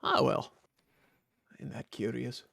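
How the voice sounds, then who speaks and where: A man voicing a gruff old dwarf lord seated on a carved throne, who talks in a drawling, folksy, suspicious way. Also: medium pitch, huge pitch swings, slow pace, fairly bright tone, no echo, studio quality, heavily acted. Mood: wry.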